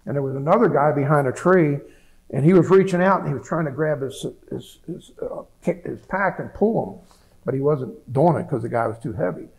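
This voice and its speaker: A man's voice: a little high, brisk, vocal fry, darkish tone, low-quality recording. A man in his seventies, a veteran giving an oral history interview, telling his story plainly with frequent restarts and repeated words. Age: 70s.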